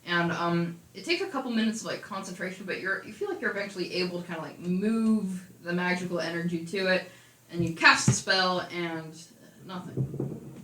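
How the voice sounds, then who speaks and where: A woman's voice: on the low side, moderate pace, bright, forceful tone, slight background noise. Casual woman game master, echoey room. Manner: casual, loose, many fillers. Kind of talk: narrating a tabletop game.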